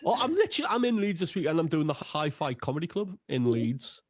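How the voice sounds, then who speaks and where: A man's voice: a little high, very animated, fast talker. A man with a Geordie accent, a stand-up comedian chatting on a podcast, joking and swearing freely. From North East England. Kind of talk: casual podcast chat.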